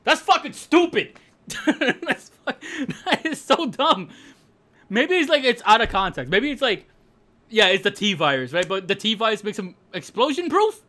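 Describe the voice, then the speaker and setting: A young man chats over his game stream, ranting and laughing with plenty of swearing. His voice sits high and bright, and it leaps around constantly as he gets worked up. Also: very animated, unhurried. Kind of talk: casual gaming stream chat.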